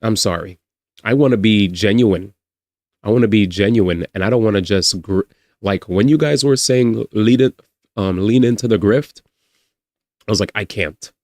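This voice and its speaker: A man's voice: lowish voice, normal speed, long pauses, no echo, clean studio sound. A young man streaming live, chatting casually with his viewers, laughing often and swearing as he reacts. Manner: animated, laughs often, swears, talks back to chat.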